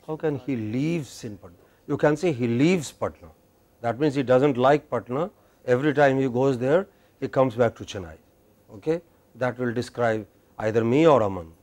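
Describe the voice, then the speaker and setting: In a university classroom, a man with an Indian English accent lectures on pronunciation, his voice mid-range and somewhat dark at normal speed. He patiently questions his students and models words for them.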